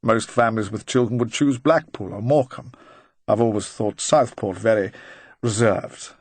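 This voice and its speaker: A narrator puts on a retired agent of fifty, quiet and deliberate, who lets every word land slowly in a low voice. The recording is close and dry, with no room sound at all. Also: male voice, husky, no room sound. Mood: dry, probing.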